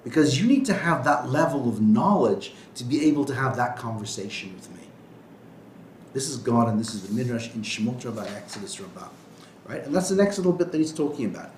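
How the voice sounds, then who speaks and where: A man's voice: mid-range voice, lively intonation, a little fast. Guy teaching a class, chatty, keeps saying right?, roomy echo, bit of hum. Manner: conversational, checks in with "right?". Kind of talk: informal classroom lecture. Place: classroom with students.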